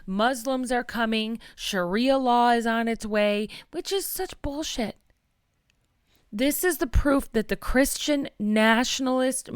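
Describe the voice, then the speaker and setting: Fired-up woman podcaster, clear resonant voice, dry close sound, calls listeners "friends". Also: on the high side, no room sound. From Michigan. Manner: impassioned, gets worked up, addresses listeners as friends. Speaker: podcast host. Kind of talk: casual political commentary.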